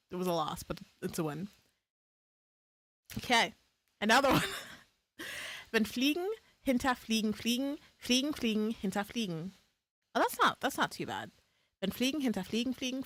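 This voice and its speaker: A woman's voice: mid-range voice, animated, moderate pace, long pauses, a bit bright. Give me a playful woman streamer who laughs often and curses freely in casual live chat.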